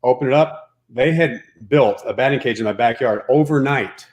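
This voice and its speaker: A man who grew up in Texas tells a long personal story as a guest. He talks in an emphatic, casual way, swears often, and sits at a middling pitch for a man. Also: normal speed. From Texas, Dallas-Fort Worth area. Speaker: guest, former pro baseball player.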